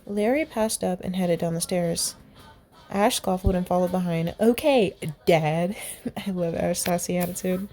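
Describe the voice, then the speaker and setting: A young woman reads a fan story aloud in a fairly low, dark voice, keeping a steady tone at normal speed. She voices the characters in her own voice, laughing and commenting as she goes.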